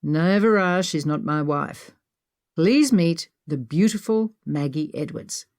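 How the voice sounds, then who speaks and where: A woman's voice: deep voice, animated, slow, a little mellow, no room sound. A woman voicing a wry, teasing adventurer man with a dry sense of humor.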